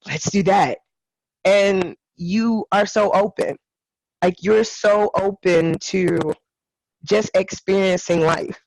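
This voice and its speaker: Woman co-host, effusive casual chat, unhurried, dry close sound. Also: medium pitch, fairly even intonation, creaky, a little mellow, dry recording, rough recording. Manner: effusive, acts out others' lines in quoted voices. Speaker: podcast co-host.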